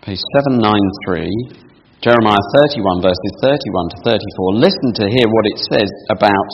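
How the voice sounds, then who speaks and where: A man's voice: fairly low pitch, moderate pace, long reverb tail, muffled recording, slight background noise. A man preaching a sermon to a congregation, asking them questions and reading scripture aloud.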